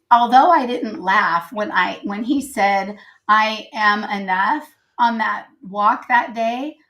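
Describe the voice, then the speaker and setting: A middle-aged woman, a podcast guest, telling personal stories in a casual, animated way and acting out the dialogue. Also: mid-range voice. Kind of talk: casual interview storytelling.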